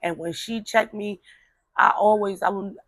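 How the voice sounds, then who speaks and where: A woman's voice: mid-range voice, steady tone, a little slow, fairly bright tone, no echo, poor audio. A woman speaking, telling a family story in casual talk, rambling with repeated words and fillers and acting out relatives' voices. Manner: acts out voices of relatives in quotes.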